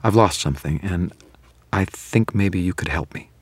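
A man doing a hoarse, nervous woman. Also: sits low, normal speed, dry recording. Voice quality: a little hoarse. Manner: apologetic, hesitant.

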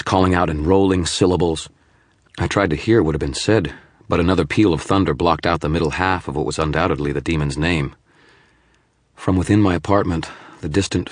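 A man narrating a first-person story with an extremely deep, husky voice. His reading is grave and measured, recorded close and dry with no room sound. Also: no echo. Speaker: audiobook narrator.

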